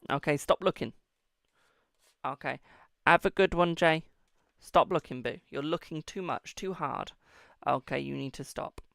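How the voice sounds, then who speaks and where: A British man chats through a live-stream tarot reading, calling his viewers darling and boo. His voice sits a little high and has a gravelly edge. The sound is close and dry, with no room around it. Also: measured pace, pauses often, fairly bright tone, no room sound. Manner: chatty, affectionate, calls viewers darling and boo.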